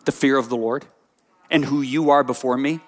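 Animated preacher man. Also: medium pitch, normal speed. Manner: animated storytelling preacher, swinging between quiet and emphatic. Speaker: pastor. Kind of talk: sermon.

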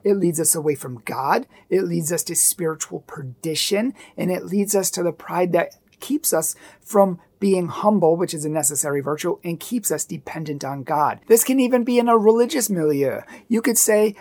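A woman with a somewhat low voice gives a Catholic teaching talk. She speaks earnestly and with emphasis, and slips into brief acted voices to show the attitudes she warns against. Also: normal speed, hardly any pauses, mellow.

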